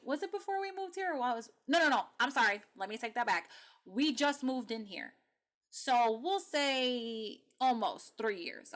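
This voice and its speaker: A woman's voice: sits high, sharp tone. A young adult woman hosting call-out commentary, blunt and sarcastic, swearing as she reacts to clips.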